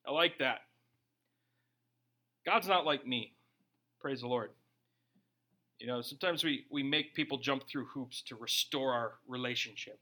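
A man's voice: mid-range voice, measured pace, long pauses, bright, forceful tone. A man, a pastor and parent, preaching a sermon in a loose, joking way that acts out little quotes. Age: young adult or middle-aged, a parent. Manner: conversational, jokey preaching with acted-out quotes.

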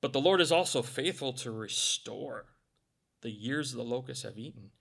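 A middle-aged male pastor preaching a sermon, animated, acting out little voices and swinging from loud to quiet. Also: mid-range voice, moderate pace, creaky, breathy edge.

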